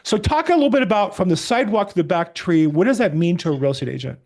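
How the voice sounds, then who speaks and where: A man with a slightly higher voice hosts a casual interview. He keeps the talk easygoing and laughs easily. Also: animated, quick pace, darkish tone. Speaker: podcast host.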